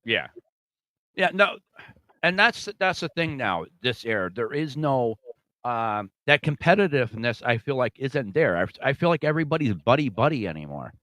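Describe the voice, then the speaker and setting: A man's voice: mid-range voice, big pitch swings, normal speed, a bit bright, no echo. A man co-hosting a sports podcast in an easygoing, casual way, chiming in and laughing along.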